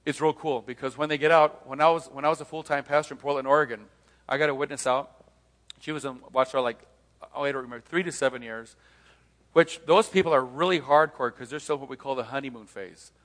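A man's voice: medium pitch, fairly even intonation, quick pace, a bit bright. Storytelling man in a reverberant hall. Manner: storytelling, acting out both sides of conversations, rhetorical questions. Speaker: speaker on leaving cults, former pastor. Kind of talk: live talk to an audience.

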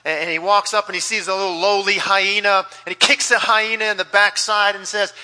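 A male pastor preaches in a church, rambling through his points with plenty of fillers and restarts. His voice sits high and sounds very bright. A long reverb from the hall trails behind his words. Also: level tone, a little fast, hardly any pauses. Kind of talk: sermon with a told joke. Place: church sanctuary.

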